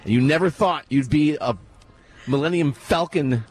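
A man's voice: a little high, moderate pace. A man hosting a live radio broadcast from a theme park, gushing with enthusiasm and tripping over his words. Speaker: radio host. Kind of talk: excited live broadcast chat.

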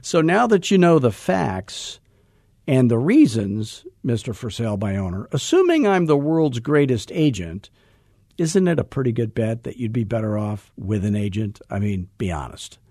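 A middle-aged man coaching real estate agents in a salesy, joking, energetic way. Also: medium pitch, moderate pace, dry recording, clean studio sound. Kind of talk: coaching podcast talk.

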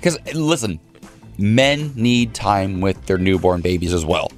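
A man's voice: low voice, a little slow, faint music behind. A man co-hosting a morning show, teasing his partner with dry jokes and then interviewing a guest. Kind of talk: casual chat.

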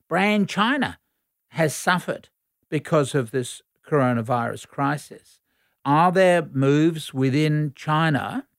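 A man, a foreign affairs commentator answering radio interview questions in a measured, explanatory lecturing tone. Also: fairly high pitch, no room sound, clean studio sound.

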